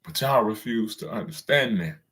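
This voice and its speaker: A man's voice: lowish voice, expressive, moderate pace, a bit bright. A man hosting his own channel, delivering a loose, slangy commentary rant and chuckling at his own jokes.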